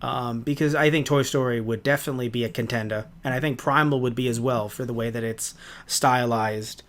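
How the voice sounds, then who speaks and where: A man's voice: medium pitch, fairly even intonation, a little fast, fairly bright tone, a little hiss or hum. A man co-hosting a casual podcast chat, talking in a rambling, hesitant way with frequent swearing. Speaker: podcast co-host.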